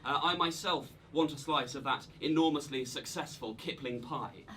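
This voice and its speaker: A man's voice: a little high, normal speed, bright, forceful tone, a little hiss or hum. A man doing stand-up storytelling with a slight cold, self-deprecating and hesitant, projecting unmiked in a small live room. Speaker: stand-up comedian. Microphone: no microphone, projecting to the room. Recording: live room with laughing audience.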